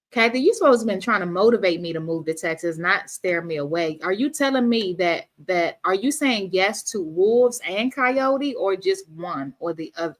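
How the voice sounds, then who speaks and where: A woman from D.C. hosting a casual livestream, chatting with viewers and reading their comments aloud. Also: fairly low pitch. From Washington, D.C.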